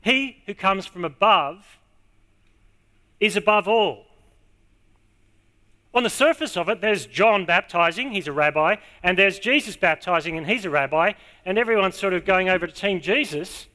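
A man preaching a sermon to a congregation, stressing key words and repeating them slowly. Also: high voice, sharp tone. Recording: long hall reverb.

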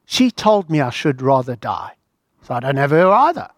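A man's voice: medium pitch, very animated, moderate pace, dry recording, studio quality. A man voicing a despairing, bewildered grieving man who pleads and wavers as he talks.

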